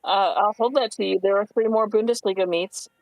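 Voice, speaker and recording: A man with a high, light voice co-hosts a live sports stream and calmly walks through scores and facts. His delivery is steady and informative, dotted with little fillers. The sound is close and dry. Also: fairly quick, gravelly, dry recording, low-quality recording. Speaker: commentator. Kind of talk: casual live-stream commentary.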